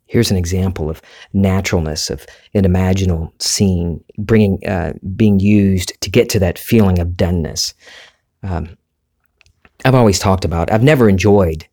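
Southern guy w a low voice, thoughtful, just telling stories to his listeners. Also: normal speed, dark tone. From Deep South, USA. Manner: thoughtful, storytelling, self-reflective. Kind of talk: reflective monologue.

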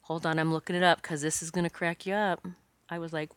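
A woman hosting a podcast, telling a personal story in an animated, chatty way and talking straight to her listeners. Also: low-pitched, fast, clean tone, no echo, studio quality. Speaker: podcast host.

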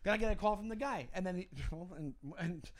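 Man, podcast co-host, fast-talking, swinging pitch, storytelling, swearing. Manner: animated, swearing, acts out both sides of an argument. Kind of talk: casual comedic storytelling.

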